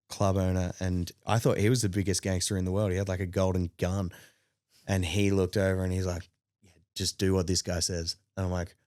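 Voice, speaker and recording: Lively Australian man telling a story. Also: clean tone, no room sound, clean studio sound. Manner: animated, acts out quotes with rising pitch, many fillers. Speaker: podcast guest. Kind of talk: casual storytelling.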